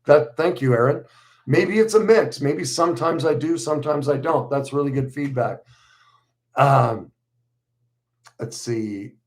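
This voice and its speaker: A middle-aged man hosting a casual livestream, reading viewers' comments aloud and answering them in a relaxed, conversational way with frequent fillers. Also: fairly high pitch, measured pace, long pauses. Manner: reads viewer messages aloud and responds warmly, conversational with fillers.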